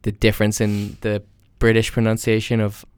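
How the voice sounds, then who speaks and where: A young man hosting a podcast in a casual chat, playful and teasing, quick to laugh. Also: fairly low pitch, completely flat delivery, clean tone, no room sound, clean studio sound. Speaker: podcast host.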